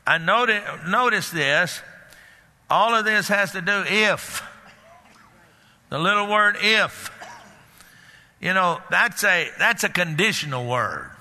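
Folksy older preacher in a reverberant hall. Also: male voice, high-pitched, expressive, pushed and bright. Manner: folksy, halting with restarts and fillers. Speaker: pastor. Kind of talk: sermon.

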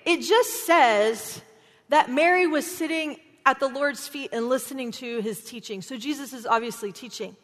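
Woman preaching in an echoing hall. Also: high voice. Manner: animated, conversational, keeps asking "right?". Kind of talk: sermon. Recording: long hall reverb.

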